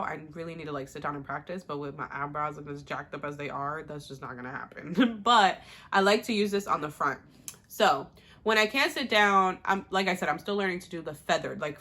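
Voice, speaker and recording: A young woman chats her way through a makeup routine, loose and rambling, with "like" in every other phrase. Her voice sits a little low but comes out bright and forward. It sounds like an unscripted home vlog. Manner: chatty, rambling, uses "like" a lot. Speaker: beauty vlogger. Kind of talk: casual makeup tutorial chat.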